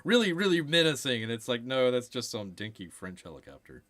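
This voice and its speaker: A man's voice: mid-range voice, very animated, a little fast, a bit bright. A man hosting a casual movie watch-along, making wry, jokey remarks about the film. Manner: jokey, wry, often slips into silly voices. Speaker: streamer, host.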